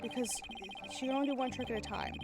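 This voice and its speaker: A woman's voice: sits high, fairly even intonation, fast. A woman streaming a game, reading its dialogue aloud and thinking through the puzzle. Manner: reasons aloud, chatty. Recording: loud game music behind.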